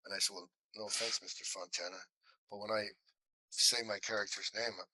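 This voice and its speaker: Speaking a little fast in a lowish voice, a man shares tales from his acting career as an interview guest, performing the quotes of the characters he describes with animation. The recording is low in quality but free of echo.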